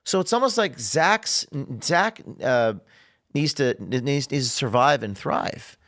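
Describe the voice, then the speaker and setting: Animated man with lively pitch. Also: slow, dry recording, studio quality. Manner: animated, acts out quoted people, stumbles and restarts. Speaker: guest, investigative journalist. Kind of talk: talk show discussion.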